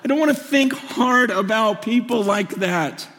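A man's voice: sits high, measured pace, fairly bright tone. A middle-aged man preaching a sermon with impassioned feeling, often stammering and repeating words as he speaks. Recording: long hall reverb.

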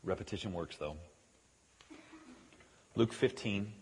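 A man preaching a sermon as pastor, emphatic, moving from loud declarations to quiet conversational asides. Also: on the low side, takes it slowly, a little hiss or hum. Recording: long hall reverb.

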